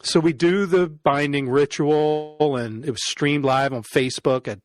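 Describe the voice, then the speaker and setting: A man, a podcast guest, telling an animated story in casual conversation, laughing often. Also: fairly high pitch, a little slow. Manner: animated, laughs often, acts out quoted voices.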